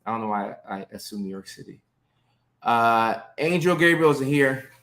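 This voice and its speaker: A man in his thirties hosts a casual live stream in a medium-pitched, animated voice at normal speed, with a fairly bright tone. He greets viewers by name, upbeat and chatty, with lots of fillers, recorded indoors on a phone or webcam held close to his face.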